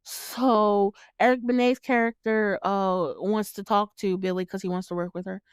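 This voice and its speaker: A woman's voice: medium pitch, fairly even intonation, normal speed, smooth, dry recording, studio quality. A woman hosting her own show, recapping a movie in casual chat, swearing freely, laughing often and acting out her reactions. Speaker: podcast host reviewing a film.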